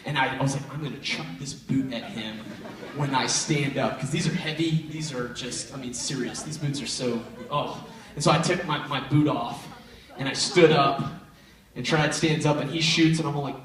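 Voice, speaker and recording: A young man giving a youth sermon to students, telling a funny childhood story and jumping into loud, high voices for the kids in it. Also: normal speed. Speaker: youth pastor. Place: large church auditorium. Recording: very echoey hall, mic at a distance.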